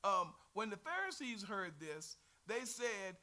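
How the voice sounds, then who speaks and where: A man's voice: sits high, sing-song, slow, few pauses, bright, forceful tone. A middle-aged man with a Texan accent teaching a Sunday Bible class in a folksy, earnest way, teasing his class now and then.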